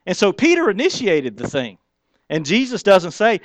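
A man's voice: a little high, huge pitch swings, moderate pace, dry recording. A man preaching a sermon, talking to the congregation in a conversational way and acting out the lines he quotes. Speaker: pastor.

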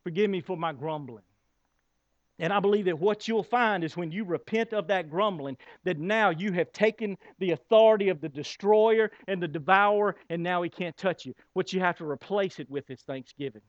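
High-voiced man preaching a sermon. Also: dry recording, dull audio. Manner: preaching with dramatic pauses and rhetorical questions. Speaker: pastor.

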